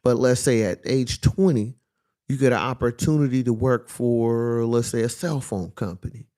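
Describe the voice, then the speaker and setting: A young adult man gives a casual motivational monologue, frequently checking in with "you feel me?" and "you know what I'm saying." His voice is mid-range and mellow, at a moderate pace.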